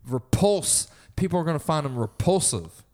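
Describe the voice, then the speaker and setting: A man's voice: a little high, expressive, normal speed, darkish tone. A young man in casual chat, blunt and ranting, swearing heavily.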